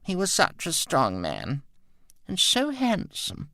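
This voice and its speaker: A man reading an audiobook, voicing a frail, confused elderly mother in a high, trembling, drawn-out voice. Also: huge pitch swings, creaky, sharp tone, dry recording, studio quality, exaggerated voice. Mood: tender. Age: older. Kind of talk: audiobook character voice.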